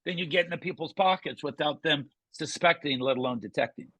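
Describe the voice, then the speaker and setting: Husky, forceful man talking showman patter. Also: on the high side, no room sound. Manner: quick, punchy, showman patter with restarts. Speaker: guest magician. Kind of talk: casual interview chat.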